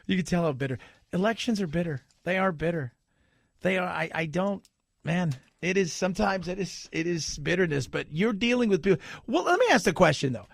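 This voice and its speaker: A man hosting a talk radio show, sarcastic and animated, acting out the people he talks about in funny voices. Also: sits high, normal speed, gravelly, no echo, studio quality. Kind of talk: talk radio commentary with live ad read.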